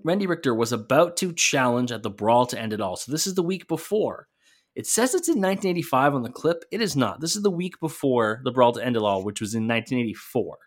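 A man co-hosting a podcast, recapping an old clip in casual chat and swearing now and then. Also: mid-range voice. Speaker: podcast co-host.

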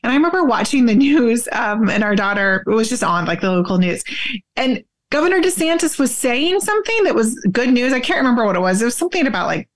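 A woman's voice: on the high side, big pitch swings, fast talker. A woman in her forties, a guest on a podcast, talking candidly and bluntly in a casual political conversation.

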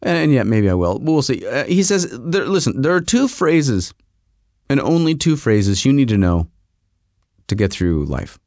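Animated, rambling man. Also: medium pitch, moderate pace, no echo, clean studio sound. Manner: animated, rambling storyteller with self-interruptions. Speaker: podcast host. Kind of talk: casual monologue.

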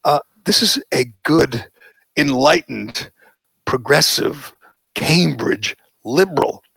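Gravelly, animated male podcast host. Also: fairly high pitch, takes it slowly, no echo. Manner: animated, mocking quoted voices. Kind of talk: opinionated political commentary chat.

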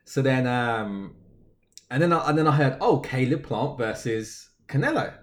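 A man's voice: mid-range voice, expressive, moderate pace. Easygoing male podcast co-host. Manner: easygoing, full of agreeing fillers. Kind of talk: casual chat.

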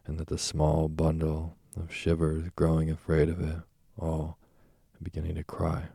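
In a close, dry recording with no echo and no room sound, an extremely deep, gravelly man's voice narrates a classic novel in a monotone. His husky, dark delivery is slow and deliberate, like a studio audiobook.

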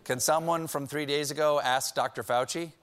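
A man's voice: fairly high pitch, steady tone, moderate pace, fairly bright tone. A man hosting a late-night show, delivering a comedic monologue with punchy jokes and sarcastic asides. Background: studio audience laughing.

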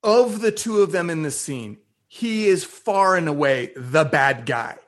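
Man, podcast guest, higher-pitched voice, emphatic, chatty. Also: lively intonation, unhurried, a bit bright. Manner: emphatic, quotes people in voices. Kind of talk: casual chat.

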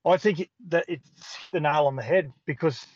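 Aussie bloke rambling on talk radio, kinda high voice, dry muffled studio sound. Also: male voice, normal speed, no echo. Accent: Australian. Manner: rambling, restarts thoughts, folksy. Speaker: guest sports commentator. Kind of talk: casual radio chat.

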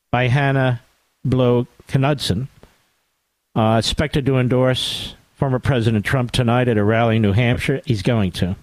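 A man hosting a talk radio show, delivering a sarcastic, animated political monologue with asides to his producer. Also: medium pitch, no echo.

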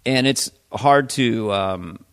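A middle-aged man, a comedian, chatting in an interview, lively and laughing as he talks. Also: medium pitch, slow, clean tone. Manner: lively, laughing, tangent-prone. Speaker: comedian guest. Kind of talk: casual interview chat.

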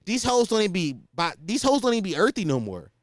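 A young man rants on his podcast in a high voice that swoops up and down as he talks. He is profane and animated, and he laughs at his own stories. The sound is dry and close. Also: fast talker, no echo. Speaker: podcast host. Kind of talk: casual comedic rant.

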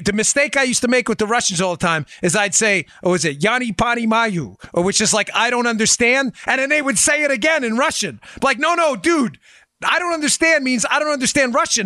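Man, political podcast host, sarcastic wise guy, high voice, dry close sound. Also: pushed and bright, no echo. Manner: sarcastic, wisecracking, mocking voices. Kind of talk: animated political commentary.

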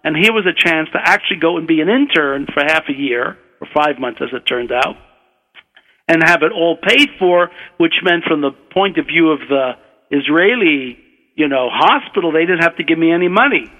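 An older man from Brooklyn, a physician and author, telling a relaxed, wry anecdote. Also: a little high, normal speed. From Brooklyn, USA. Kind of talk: anecdotal storytelling. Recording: dull radio broadcast, long reverb.

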